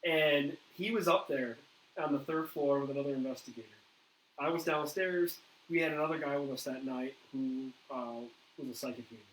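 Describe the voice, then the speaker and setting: Animated male storyteller in echoey room. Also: mid-range voice, moderate pace. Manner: animated storyteller, acts out quoted dialogue. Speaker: paranormal investigator host. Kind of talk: casual storytelling interview. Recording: echoey room with faint noise.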